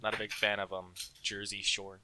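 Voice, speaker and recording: A man's voice: fairly low pitch, flat delivery, moderate pace, pushed and bright, rough recording. A young man co-hosting a casual podcast, rambling with stumbles and restarts. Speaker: podcast co-host. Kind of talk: casual chat.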